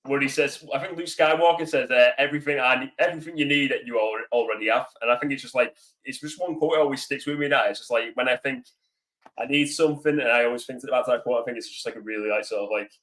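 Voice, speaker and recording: A man's voice: medium pitch, fast, a bit bright, low-quality recording. A man chatting as a guest on a casual livestream, rambling and hesitant, poking fun at himself. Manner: rambling, hesitant, self-mocking. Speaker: guest podcaster.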